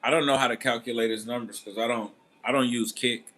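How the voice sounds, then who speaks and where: A man's voice: mid-range voice, fairly even intonation, fast, sharp tone. A man hosting a boxing channel, telling a story in casual commentary with a laid-back manner, acting out quotes now and then.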